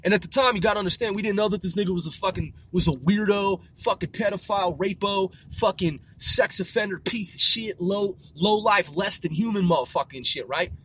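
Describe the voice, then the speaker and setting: A man from Seattle telling profane, rambling stories in a casual, animated way. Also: sits high, brisk, hardly any pauses, breathy edge. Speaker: podcast host. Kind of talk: casual storytelling.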